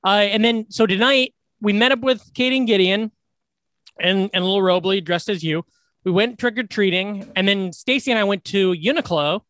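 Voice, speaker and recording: A man's voice: high voice, normal speed, fairly bright tone, dry recording. A man co-hosting a podcast, chatting casually and rambling through stories with lots of restarts. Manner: rambling storyteller with many restarts. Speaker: podcast co-host. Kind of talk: casual chat.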